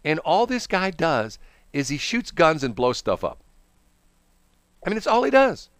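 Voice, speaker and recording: A man's voice: on the high side, a little slow, clear, resonant tone, no room sound. A man hosting a casual radio chat, telling stories and mimicking voices. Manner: animated storyteller, mimics voices. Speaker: radio host.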